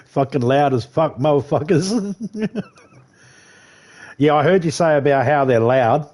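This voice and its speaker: Aussie bloke streaming games on a headset, swears a lot, laughs a lot, rambles on. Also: male voice, a little high, measured pace, a little mellow. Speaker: live streamer. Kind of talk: casual gaming chat.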